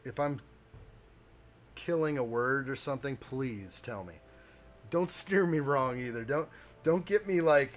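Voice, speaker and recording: A man hosting a live stream, chatting casually with viewers while he builds a model kit. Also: mid-range voice.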